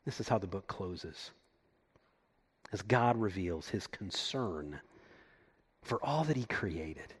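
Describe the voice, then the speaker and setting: This pastor is animated yet slow, pausing often, with a breathy edge to his voice as he reads scripture and explains it. His sermon shifts from loud emphasis to hushed, low asides.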